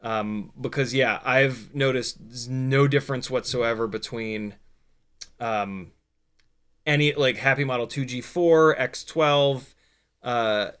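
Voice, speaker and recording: A man's voice: medium pitch, slow pace, fairly bright tone, smooth. A man hosting a livestream, chatting loosely as he works and answering viewer questions, with casual swearing and dry sarcasm. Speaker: livestream host building a drone.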